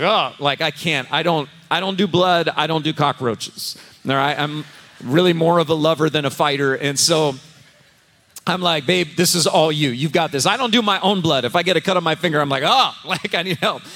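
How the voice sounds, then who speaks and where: A man's voice: on the high side, a bit bright. A middle-aged male pastor preaching a sermon, telling a personal story in a humorous, conversational way. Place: church sanctuary. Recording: echoey church sanctuary.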